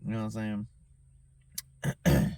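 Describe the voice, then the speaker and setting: A man's voice: on the low side, animated, slow pace, mellow. A tipsy man hosting his own show, telling a story in a heated, profane rant and often asking "you know what I'm saying". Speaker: host.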